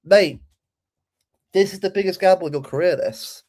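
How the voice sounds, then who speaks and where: A man's voice: high voice, normal speed, a little mellow. A young man giving a heated, sweary football rant, often repeating and restarting his words. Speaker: football channel host.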